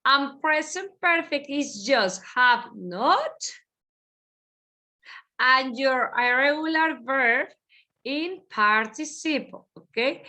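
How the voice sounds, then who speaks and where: A woman with a high, bright voice teaches grammar online, speaking slowly and expressively over a video call. As an English teacher, she tends to repeat herself, explain at length, and drift between Spanish and English.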